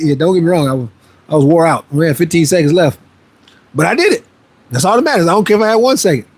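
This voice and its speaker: Speaking fast with lively intonation, this fitness trainer has a fairly high, slightly rough voice. On his casual livestream he reads viewer messages out loud and replies upbeat and motivating, with a playfully boastful streak.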